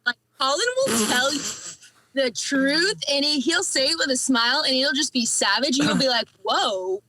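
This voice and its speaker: Young woman, podcast co-host, effusive casual chat, high voice, bright tone. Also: moderate pace, low-quality recording. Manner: gushing, effusive, swears casually.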